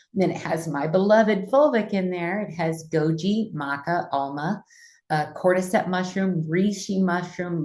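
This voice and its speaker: A woman's voice: deep voice, darkish tone, roomy sound. A woman hosting an online wellness class over a video call, explaining in an earnest, conversational way.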